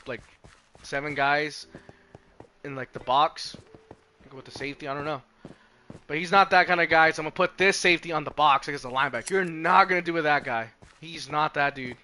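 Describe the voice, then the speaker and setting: A man's voice: fairly high pitch, bright, forceful tone. Profane rambling young male streamer. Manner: profane, rambling, self-interrupting. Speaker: live streamer. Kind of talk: casual live-stream chat about football.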